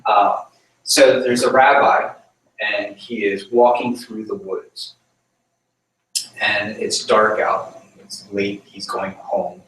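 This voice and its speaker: A man with a lowish voice gives a relaxed, conversational sermon to a small group, full of ums and restarts. He sounds set back from the mic in an echoey church room. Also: takes it slowly, recorded from a distance. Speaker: pastor leading a small group. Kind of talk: informal sermon with group reflection.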